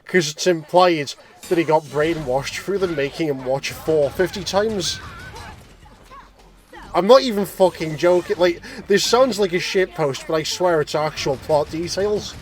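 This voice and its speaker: Sweary guy, fairly high voice. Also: unhurried. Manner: sweary, teasing, rambling. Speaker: co-host of a gaming stream. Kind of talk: casual let's-play commentary.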